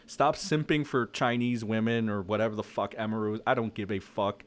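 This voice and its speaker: A man's voice: on the low side, steady tone, moderate pace. A young man ranting aggressively into a desk mic, profane and mocking, as an online commentator. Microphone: desk mic, no camera.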